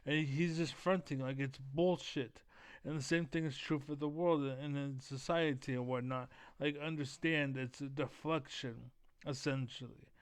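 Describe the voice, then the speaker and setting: Man, ranting commentary, profane, energetic, smooth voice, middle pitch. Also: normal speed, dry recording. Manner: profane, blunt, many fillers like 'basically'. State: keyed up, energetic. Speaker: online commentator reacting to a video.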